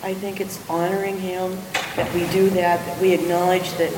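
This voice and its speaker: A woman answering a question in a group discussion, speaking in a thoughtful, measured way. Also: fairly low pitch, level tone, echoey room, in a large hall, background noise. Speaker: study group participant.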